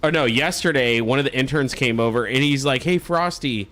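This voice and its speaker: A man hosting a live game stream in casual chat, swearing, joking and breaking into loud excited laughter. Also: mid-range voice, a little fast. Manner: profane, jokey, bursts into loud excited laughter. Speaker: streamer host.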